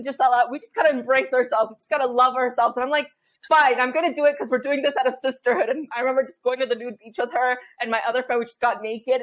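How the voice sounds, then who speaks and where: A woman in her thirties, a podcast guest telling candid stories in an animated way, acting out her own inner voice and laughing often. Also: high voice. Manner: animated storytelling, frequent laughter and quoted inner voice.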